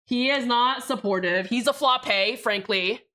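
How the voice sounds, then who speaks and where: A woman's voice: a little high, measured pace, bright, forceful tone. A young woman streaming live, chatting loosely with her viewers and swearing freely while she builds a keyboard. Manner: chatty, rambling, swears freely, addresses chat directly. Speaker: livestreamer.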